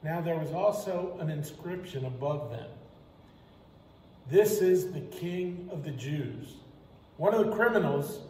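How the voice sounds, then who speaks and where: A man preaching as pastor in a Good Friday sermon, reading scripture slowly and deliberately. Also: fairly high pitch, warm tone, a little hiss or hum. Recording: echoey church hall reverb.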